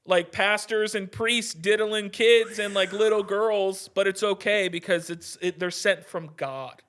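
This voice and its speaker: A fairly high-pitched young man rants into his podcast mic, heated and profane. He stumbles through restarts and keeps calling the listener "dude." The talk is casual and loose. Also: a little slow, a bit bright. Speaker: podcast host. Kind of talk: casual ranting podcast monologue.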